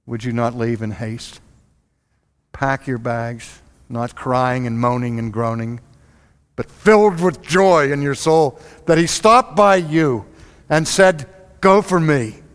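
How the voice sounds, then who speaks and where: Animated preacher with long reverb. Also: male voice, mid-range voice, slow, smooth. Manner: animated, rhetorical questions to the congregation. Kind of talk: sermon.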